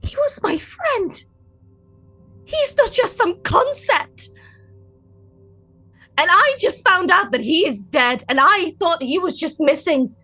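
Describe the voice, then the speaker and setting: A woman's voice: extremely high pitch, lively intonation, normal speed, hardly any pauses, sharp tone, pitched above the performer's own voice, exaggerated voice. A woman voicing a grieving, furious woman who hurls bitter, mocking accusations in a tabletop role-play. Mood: grieving anger.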